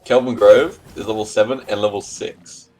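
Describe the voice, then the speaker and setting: Husky co-caster, calm. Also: male voice, fairly low pitch, normal speed, faint music behind, low-quality recording. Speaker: esports co-caster. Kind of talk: live game commentary.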